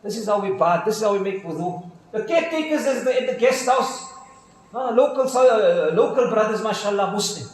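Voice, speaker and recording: A man's voice: high voice, lively intonation, brisk. A middle-aged man with a South African accent, an imam telling stories in a sermon with quoted dialogue and casual slang. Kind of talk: sermon storytelling. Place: mosque hall. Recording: very echoey mosque hall.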